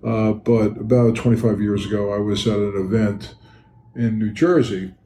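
An older man, a podcast guest, telling a story in an animated, emphatic way. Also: on the low side, moderate pace. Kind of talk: storytelling interview. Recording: roomy with faint noise.

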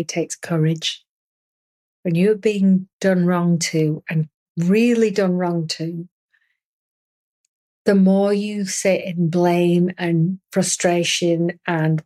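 A woman hosting a spiritual podcast and speaking as an energy healer in a soothing, earnest monologue with gentle repetition. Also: on the low side.

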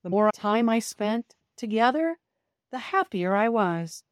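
A woman with a slightly high voice tells a children's storybook aloud from a cat's first-person view, speaking directly to the young audience. Her reading is slow and expressive, recorded in clean studio sound without echo.

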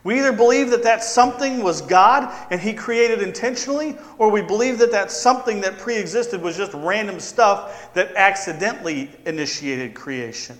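A man preaching a sermon, stressing key words by repeating them and slowing down. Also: high-pitched, a bit bright, in a large hall. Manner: emphatic repetition, slowing for stress. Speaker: pastor.

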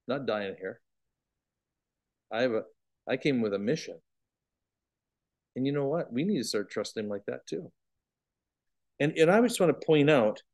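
A man teaching a bible study in an animated, emphatic way, swinging between loud declarations and hushed asides. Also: mid-range voice.

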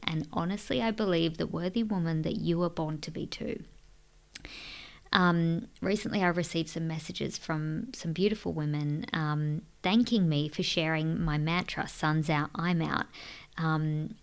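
A woman in her thirties speaks to her listeners in a heartfelt solo podcast. Her voice sits a little low, and she talks in an earnest, emotional way. She often sinks into a soft, breathy near-whisper. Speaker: podcast host and women's coach.

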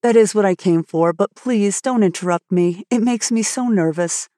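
A woman's voice: mid-range voice, moderate pace, mellow, no echo, clean studio sound, lightly acted. A woman voicing an earnest, impulsive teenage girl who pours out a breathless confession.

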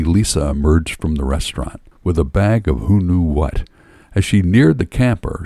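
A man's voice: low voice, vocal fry, dark tone, no echo. A man reading a story aloud in a wry, first-person storytelling manner. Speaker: narrator.

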